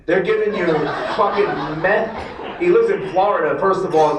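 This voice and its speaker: A man's voice: high-pitched, a little slow, background noise. A man hosting a live stand-up set, brash and profane, teasing the audience during crowd work. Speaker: comedy host. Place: casino showroom. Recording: roomy live recording from far off with crowd.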